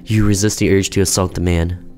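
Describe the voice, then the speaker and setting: A man's voice: flat delivery, a little mellow, soft background music. A man reading a horror game's text aloud and commenting on it, with frequent laughs. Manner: slow, low, laughs at the game. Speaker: game streamer.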